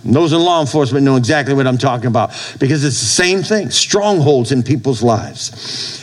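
A man's voice: medium pitch, expressive, a little fast, low-quality recording. A man preaching a sermon as pastor, emphatic, repeating his phrases and calling for amens from the congregation.

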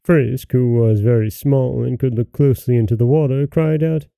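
A man hosting a podcast, reading a fairy tale aloud in a calm, measured way. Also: medium pitch, gravelly, smooth, no echo. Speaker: podcast host and storyteller.

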